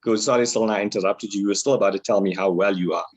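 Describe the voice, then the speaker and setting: A man hosting an online webinar in a relaxed, joking way, with plenty of ums and easy laughter. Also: lowish voice, racing, highs cut off. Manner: jokey, laughs easily, filler-heavy. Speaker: webinar host. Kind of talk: casual hosting chat. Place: online video call.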